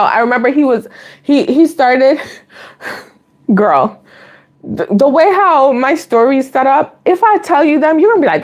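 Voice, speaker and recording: A woman in her late thirties hosts a casual live Q&A. Her voice sits high and swings widely as she tells stories to viewers. She is chatty and confiding and often breaks into laughter. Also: unhurried, pauses often. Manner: animated, laughs often while telling stories. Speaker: vlogger host.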